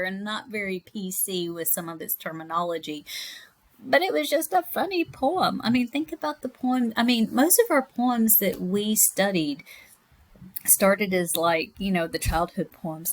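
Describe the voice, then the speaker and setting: A woman teacher in her thirties or forties, giving a recorded class lecture in a chatty, rambling way with frequent asides. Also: mid-range voice.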